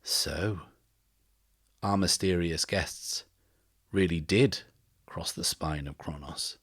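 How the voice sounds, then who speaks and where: A man voicing a mysterious, menacing stranger who talks in a slow, measured, quietly incredulous way. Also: deep voice, no echo, studio quality, exaggerated voice. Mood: quiet menace. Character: mysterious, menacing man, soft-spoken and calmly threatening.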